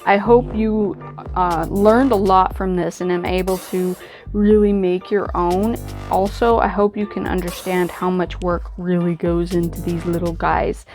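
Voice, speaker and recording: A woman's voice: fairly low pitch, steady tone, a little slow, a little mellow, faint music behind. A woman hosting a crafting video, chatting casually and thinking aloud as she works. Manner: chatty, self-deprecating, thinks aloud while working. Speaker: crafting channel host. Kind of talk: casual crafting tutorial voice-over.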